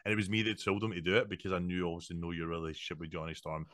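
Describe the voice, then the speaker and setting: Guy, really low voice, rattles it off fast, teasing banter. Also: flat delivery, crowd noise. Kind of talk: casual podcast chat.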